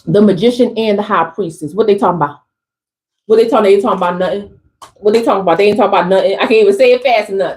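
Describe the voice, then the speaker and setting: A woman doing a channeled tarot reading for her viewers, animated and exclamatory, in casual slangy speech. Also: mid-range voice, quick pace, poor audio. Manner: animated, exclamatory, talks straight to the audience. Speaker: tarot reader.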